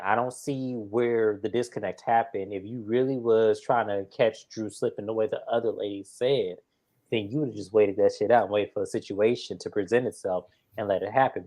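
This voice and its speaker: A man's voice: on the low side, dark tone. Blunt, slangy man breaking down drama. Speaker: reality TV review co-host. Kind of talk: casual opinionated chat.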